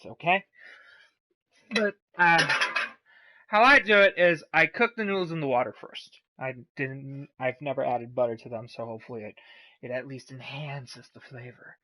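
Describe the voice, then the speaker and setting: A man's voice: mid-range voice, pushed and bright. A man hosting a casual cooking vlog, rambling and swearing as he talks through each step. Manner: rambling, profane, chatty.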